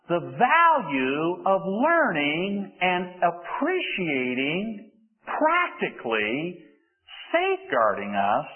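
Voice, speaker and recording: Man preaching, high animated voice, tinny phone-like sound, long hall echo. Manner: earnest, rises in pitch for emphasis. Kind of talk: sermon.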